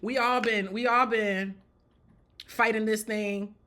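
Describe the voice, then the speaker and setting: Woman ranting on camera, blunt and jokey, keeps restarting lines, brightish higher voice. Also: fairly even intonation, takes it slowly. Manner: blunt, joking, self-interrupting, laughs often; repeats and restarts phrases. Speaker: commentator. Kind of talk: casual spoken commentary.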